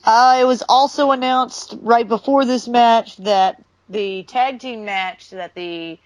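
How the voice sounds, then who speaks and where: A woman's voice: fairly high pitch, slow, dry recording. A woman co-hosting a podcast, recapping wrestling in a matter-of-fact, dry way with plenty of fillers. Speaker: podcast co-host. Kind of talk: casual wrestling chat.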